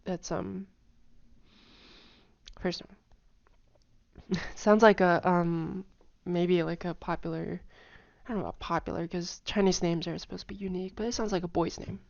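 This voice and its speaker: A woman casually explaining tone patterns in a lesson, talking in a chatty way with lots of fillers and humming or singing syllables to show pitch. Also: steady tone, moderate pace, vocal fry, long pauses, no room sound, lo-fi sound. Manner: chatty, many fillers, hums and sings tone patterns. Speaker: language teacher.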